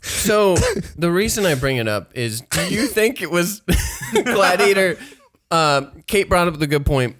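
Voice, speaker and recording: A man's voice: sits high, unhurried. A man co-hosting a casual comedy podcast, telling stories with acted-out quotes and frequent laughter. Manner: animated storyteller, acts out quotes, laughs often. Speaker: podcast co-host.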